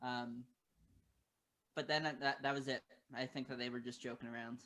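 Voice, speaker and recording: Young man with dry deadpan quips. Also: mid-range voice, moderate pace. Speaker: podcast guest, comedian. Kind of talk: casual comedic chat.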